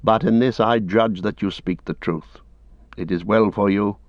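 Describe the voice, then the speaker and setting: A man gives voice to a grave captain in a storybook reading. He speaks low and deliberately, with formal authority. The recording is close, dry and slightly muffled. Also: steady tone, no room sound, close to an everyday voice. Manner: measured, formal and commanding. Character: stern noble male captain, grave and just.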